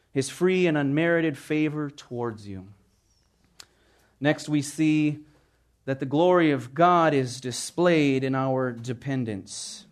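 A man preaching a sermon as pastor, earnest and emphatic, reading scripture in a pleading tone. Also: fairly high pitch.

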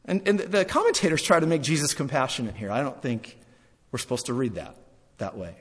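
Dramatic male preacher, very animated pitch, repeats lines for emphasis, long hall reverb. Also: fairly quick, slightly rough. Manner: dramatic, swings between loud and hushed. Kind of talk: sermon.

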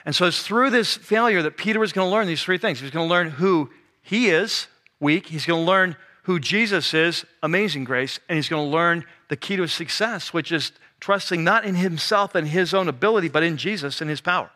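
A man preaching a sermon as a pastor, telling the story in a casual, animated way that drops to a hush for the serious moments. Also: on the high side, brisk. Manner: conversational, animated storytelling with sudden hushed drops.

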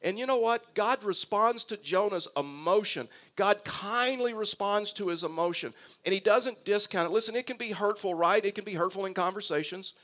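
A man's voice: high-pitched, moderate pace, few pauses, a bit bright. A man preaching a sermon, speaking earnestly and repeating phrases as he addresses the congregation. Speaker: pastor.

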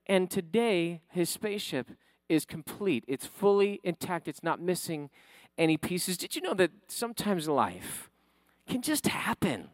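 A man's voice: high voice, sing-song, unhurried, no room sound. A man preaching a sermon who tells a family story, then builds to emphatic preaching. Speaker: pastor.

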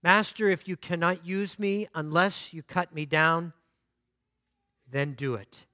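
A man's voice: takes it slowly, bright, forceful tone, no echo, studio quality. A man voicing a trembling, humble bamboo plant. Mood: humbly resigned. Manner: stammering, pleading in high cries. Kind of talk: acted storytelling in a sermon.

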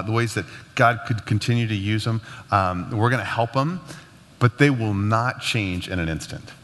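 A man teaching about marriage in a relaxed, conversational way, laughing now and then. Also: mid-range voice. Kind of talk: casual teaching talk. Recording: long hall reverb.

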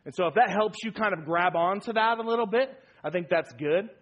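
Man, pastor, sermon, emphatic, repeats phrases, high voice, husky tone. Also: brisk, muffled recording.

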